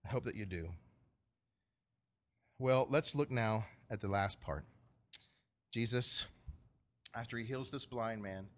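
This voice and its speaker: A man preaching a sermon in an animated way, often acting out quotes in playful voices. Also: lowish voice. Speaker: pastor.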